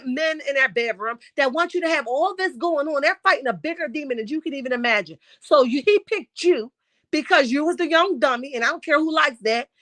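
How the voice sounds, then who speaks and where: A woman doing sassy, emphatic live-stream commentary and reading viewer comments, her voice going hoarse. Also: high voice, pushed and bright, no room sound. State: losing her voice. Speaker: YouTube commentary host.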